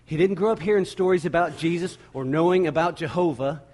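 A male pastor preaching a sermon, retelling a scripture story with dramatic pauses and repeated words. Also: a little high, darkish tone.

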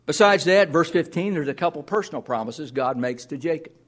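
A man's voice: a little high, lively intonation, fairly quick. A man pastor preaching a sermon in an earnest way, reading scripture aloud and often repeating words as he restarts.

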